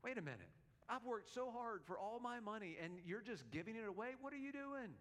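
A man's voice: sits high, lively intonation, fairly quick, a bit bright, voice pushed up. A preacher putting on an indignant greedy rich man.

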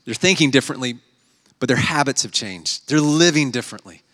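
A man's voice: mid-range voice, fairly quick, fairly bright tone. A young adult man preaching a conversational sermon as pastor, telling stories and acting out quotes. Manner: conversational, storytelling with acted quotes. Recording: long hall reverb.

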